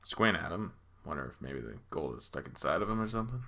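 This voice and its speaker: A man giving a dramatic first-person reading of a visual novel, expressive and profane, moving between hushed and loud. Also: very deep voice, fast, vocal fry. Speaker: reader voicing a visual novel.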